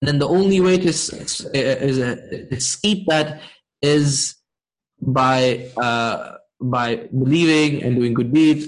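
High-voiced man teaching a grammar lesson. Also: rough recording. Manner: explains step by step, checks in with "hmm?" and "okay?"; recites Arabic verses quickly. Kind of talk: classroom lesson explaining Quranic grammar.

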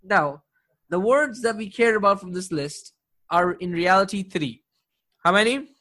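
A man's voice: high voice, bright, forceful tone. A man teaching an Arabic grammar class, explaining terms in English and checking in with his students again and again. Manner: quizzing students with frequent "right?" and "correct?"; recites Quranic verses quickly in Arabic. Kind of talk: classroom lecture.

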